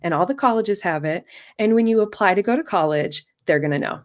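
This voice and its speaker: A stern, curt female English teacher scolding a student, as a woman storyteller quotes her, threatening and brisk. The voice stays close to an ordinary talking voice, only sharper in tone. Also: medium pitch, expressive, a little mellow, lightly acted.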